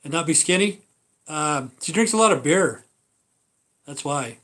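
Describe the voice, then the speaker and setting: A man's voice: fairly high pitch, animated, a little slow, a bit bright. A man hosting a casual livestream, talking in a rambling, profane way with many fillers. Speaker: livestream host.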